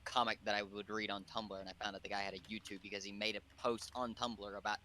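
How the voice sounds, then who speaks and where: A man's voice: on the low side, level tone, quick pace, sharp tone, a little hiss or hum. A man on a casual podcast call, rambling as he explains how he got started. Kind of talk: casual group chat on a call.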